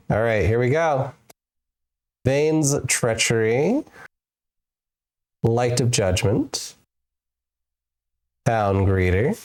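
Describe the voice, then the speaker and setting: A playful woman streamer chats with her live viewers while she games. Her pitch swoops all over the place, she takes her time with every word, and she keeps giggling and repeating herself to tease the chat. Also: darkish tone. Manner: playful, giggly, drawn-out teasing repetitions.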